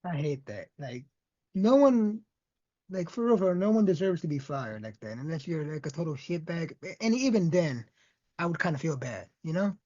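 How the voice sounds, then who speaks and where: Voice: mid-range voice, animated, moderate pace, warm tone. A podcast co-host chiming in during casual chat, agreeing and swearing freely. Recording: dull lo-fi audio.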